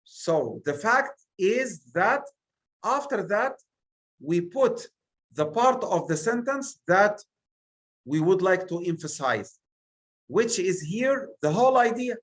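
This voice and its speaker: A male teacher talks through an exam revision lesson at an extremely slow pace, his pitch rising and falling widely. He is deliberate and stresses single words one by one. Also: very animated. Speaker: English teacher.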